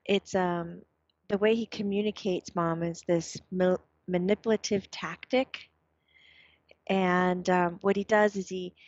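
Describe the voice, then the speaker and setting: A woman talking casually, passing on her son's words in a chatty, animated way with plenty of fillers. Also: lowish voice, no room sound. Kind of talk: casual chat. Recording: dull, dry, lo-fi sound.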